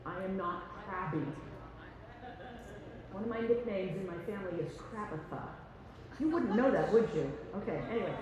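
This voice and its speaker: A woman's voice: medium pitch, expressive, normal speed, long pauses, crowd noise. A woman leading a choir rehearsal, chatty and joking, who sings rhythms on syllables and counts the singers in. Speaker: choir conductor. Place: large rehearsal hall. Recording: echoey hall from far off, with music.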